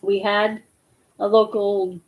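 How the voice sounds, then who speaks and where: A woman co-hosting a casual chat, talking in a hesitant, halting way. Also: mid-range voice, flat delivery, poor audio.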